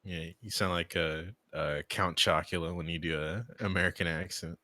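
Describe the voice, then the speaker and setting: A man's voice: sits low, steady tone, moderate pace, bright, forceful tone, no room sound. A man joining a livestream as a guest over a video call, laid-back and joking. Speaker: stream guest. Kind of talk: casual chat.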